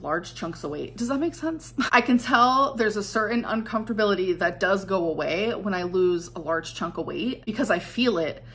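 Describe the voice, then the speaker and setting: A woman vlogger speaks in a rambling, confessional way and keeps filling her sentences with "like". Her voice sits at a middle pitch, and her tone stays reflective. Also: lively intonation, normal speed, hardly any pauses. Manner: rambling, reflective, heavy use of "like". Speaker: vlogger in a played clip. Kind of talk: casual confessional vlog talk.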